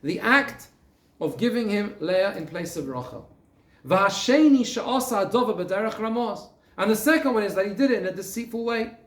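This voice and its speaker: A man leads a Torah class in a synagogue room, his voice sitting a touch high and swinging widely in pitch. He asks his listeners questions and answers them himself, quoting Hebrew lines. The room gives him a clear echo. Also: lively intonation, moderate pace, fairly bright tone. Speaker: rabbi teaching a Torah class. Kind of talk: lively Torah class to a group. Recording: echoey room.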